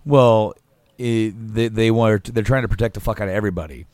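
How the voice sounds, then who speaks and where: A man's voice: lowish voice, brisk, darkish tone, clear, resonant tone, dry recording. A man co-hosting a casual podcast chat, rambling with restarts, laughing often and swearing casually. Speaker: podcast co-host.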